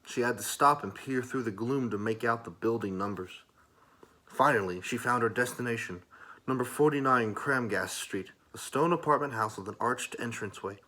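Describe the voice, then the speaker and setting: A man in a calm, soft-spoken ASMR reading of a story. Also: mid-range voice, moderate pace. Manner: calm, soft and even narration.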